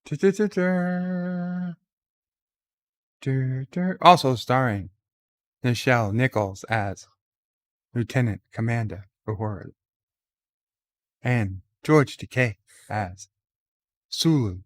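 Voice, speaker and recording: A man doing a comedic impression of a halting, grandiose male starship captain, with dramatic pauses between words. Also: lowish voice, a bit bright, no echo.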